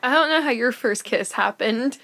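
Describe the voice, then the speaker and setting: A young woman co-hosting a podcast in casual chat, animated and quick to laugh. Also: fairly high pitch, no echo. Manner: animated, laughs until crying, lots of "like". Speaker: podcast co-host.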